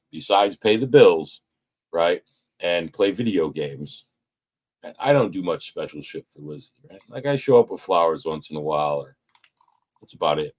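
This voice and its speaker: Profane, animated man telling a story. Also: low-pitched. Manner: profane, animated, retells with quoted voices. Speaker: person sharing at a recovery meeting. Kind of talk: casual storytelling.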